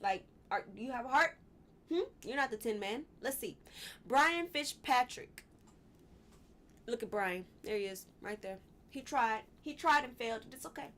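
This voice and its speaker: A young woman hosts a casual live stream, talking through politics in a blunt, emotional way. She lets the curse words fly when she gets worked up, and her voice sits a little high. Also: animated, moderate pace, fairly bright tone.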